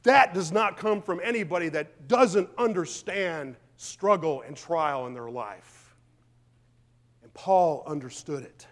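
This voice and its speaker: High-voiced, fervent male preacher. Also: takes it slowly, big-room sound. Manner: fervent, emphatic preaching with rhetorical questions; swings between loud declarations and quiet, low asides. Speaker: pastor. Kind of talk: sermon.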